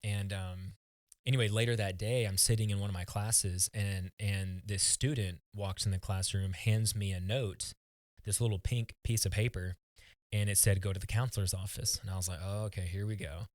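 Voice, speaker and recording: This American podcast guest tells a personal story in a fairly low, slightly mellow voice, earnest and halting, with frequent restarts. His intonation stays fairly even, and the close, dry recording has no echo or room around it.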